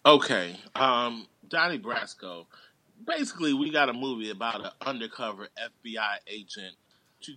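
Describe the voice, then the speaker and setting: A man guesting on a podcast, walking through a movie plot in loose, rambling chat full of ums. His voice is very bright and forward, and it is recorded dry and close with no room sound. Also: mid-range voice, no room sound. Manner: rambling recap with filler words, slips into quoted lines. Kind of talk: casual movie plot recap.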